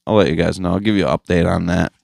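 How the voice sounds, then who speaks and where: Laid-back, low-voiced podcast man. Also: steady tone, very fast, gravelly, darkish tone, dry recording, clean studio sound. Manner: laid-back and profane, full of slang and fillers. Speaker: podcast host. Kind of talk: casual chat.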